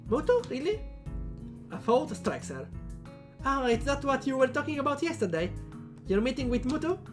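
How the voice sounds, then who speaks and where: A man voicing a bubbly, energetic teenage girl who pouts and teases, reading a visual novel aloud. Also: very high-pitched, moderate pace, over music, voice pushed up. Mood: teasing. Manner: bouncy, pouting, playful.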